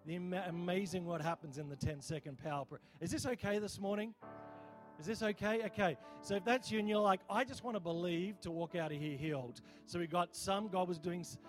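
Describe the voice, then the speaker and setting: Aussie guy preaching in church, 40s, high voice, keeps hyping the crowd up for amens, bit of music in the back. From Australia. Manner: energetic, rallies the crowd for responses. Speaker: visiting preacher. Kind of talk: sermon with healing prayer. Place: church service.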